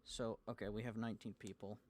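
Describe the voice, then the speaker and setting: A young man streaming live and chatting casually, nervous and excited, stumbling and restarting his sentences often. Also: on the low side, fast, a little hiss or hum.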